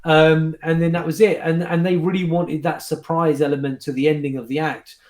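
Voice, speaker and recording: A man, a guest magician, chatting casually and telling backstage stories in an animated, restart-heavy way. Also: a little high, fairly quick, roomy sound. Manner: animated storyteller, restarts and fillers. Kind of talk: casual chat recounting anecdotes.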